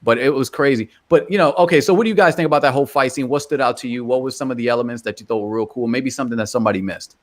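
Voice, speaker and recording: A man's voice: mid-range voice, racing, hardly any pauses. A man hosting a casual fan discussion, laid-back, often laughing and putting questions to his co-hosts. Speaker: podcast host. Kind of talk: casual chat.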